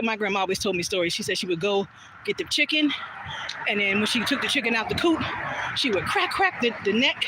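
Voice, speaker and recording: A woman's voice: medium pitch, fairly quick. A woman telling a casual story while out on a walk, chatty and swearing freely as she acts out what people said, into a phone she holds as she walks. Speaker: vlogger. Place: outdoors on a walking trail. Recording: outdoor noise behind voice.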